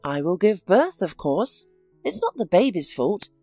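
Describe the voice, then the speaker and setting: A woman's voice: fairly low pitch, big pitch swings, a little slow, warm tone, no room sound. A weary, betrayed young wife, as a woman reads her out, weak and sadly resigned, her voice still rising and falling a lot. The sound is dry and close, with faint music underneath.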